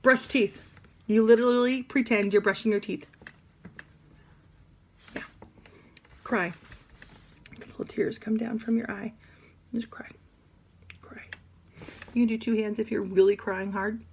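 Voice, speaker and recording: A woman teaching sign language vocabulary in an animated, demonstrative way, with playful asides. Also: a little high, normal speed, pauses often, a little hiss or hum. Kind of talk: classroom lesson.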